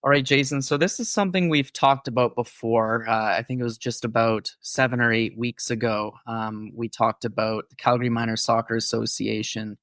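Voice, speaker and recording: A man co-hosts a podcast and lays out each topic in an informative, explanatory way. He pauses on the odd filler but keeps a steady thread. His voice is close and completely dry. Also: medium pitch, dry recording. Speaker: podcast co-host. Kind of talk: casual podcast chat.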